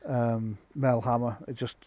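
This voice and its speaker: A man narrating as game master of a live-streamed tabletop game, halting with ums while he tallies dice and describes the fight. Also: medium pitch, steady tone, dark tone, no room sound. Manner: halting, full of ums and restarts while tallying rolls.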